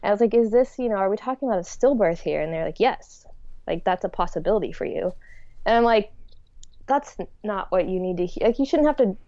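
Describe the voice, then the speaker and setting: A woman's voice: medium pitch, animated, a little fast, dark tone, no room sound. Woman, casual storyteller, fillers throughout, dull dry audio. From United States. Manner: chatty, lots of "like" and "um". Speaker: guest telling her birth story.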